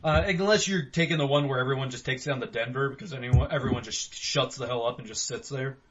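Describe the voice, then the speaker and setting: A man's voice: medium pitch, fast talker, highs cut off. A man co-hosting a casual horror podcast, joking around and acting out silly voices. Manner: jokey, acts out silly shouted voices. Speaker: podcast co-host.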